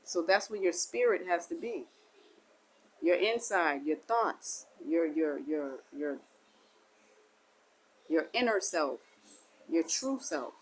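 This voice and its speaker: A woman's voice: fairly low pitch, animated, slow, pauses often, rough recording. A woman delivering a spiritual monologue as a teacher, in a meandering, repetitive and folksy way. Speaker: self-styled spiritual teacher.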